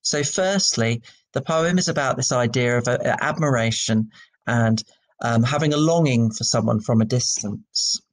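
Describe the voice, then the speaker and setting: A man teaching a class about a poem, speaking at a medium pitch. He talks loosely and conversationally, with many ums and restarts. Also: normal speed. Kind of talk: recorded classroom lesson.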